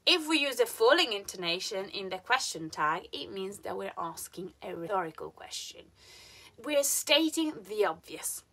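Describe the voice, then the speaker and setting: A woman with an Italian accent teaching English intonation, speaking slowly and clearly and exaggerating the rise and fall of her example sentences. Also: mid-range voice, sing-song, pushed and bright. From Italy. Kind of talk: lively scripted lesson with spoken example sentences.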